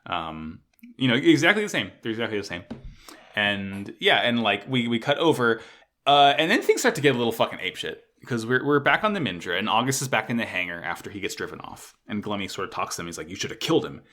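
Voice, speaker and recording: A man co-hosting a casual anime recap podcast, swearing freely and getting excited as he retells scenes. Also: on the low side, fast. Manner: profane, excitable, voices characters loosely. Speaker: podcast co-host.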